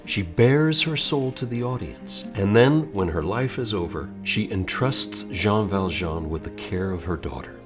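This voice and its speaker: A man's voice: lowish voice, expressive, unhurried, few pauses, music in the background. A man with an American accent teaching an online acting lesson, speaking directly and theatrically to the viewer as if to a class.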